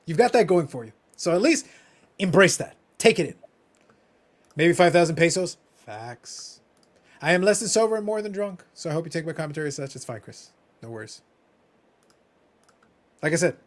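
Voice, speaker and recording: Sarcastic man with a lively, jumping pitch. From Canada. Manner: sarcastic, teasing, dramatic swings between mutters and loud outbursts. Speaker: co-host reading chat. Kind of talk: casual live-stream chat.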